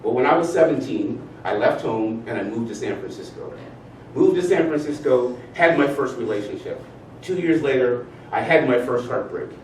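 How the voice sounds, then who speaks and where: A man's voice: mid-range voice, moderate pace. Guy running a self-help talk, gets people chanting along, recorded from far off. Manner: animated, leads the audience in chants. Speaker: speaker leading a talk. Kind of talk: motivational talk with audience exercises. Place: event room with audience. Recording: roomy sound from far off, faint noise.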